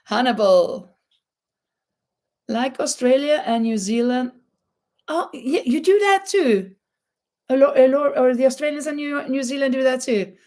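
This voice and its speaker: This Norwegian woman, who hosts a crochet channel, has a high, expressive and mellow voice, speaking at a measured pace with long pauses. On her live stream she chats casually in a Norwegian accent, laughs a lot and reads out comments from viewers.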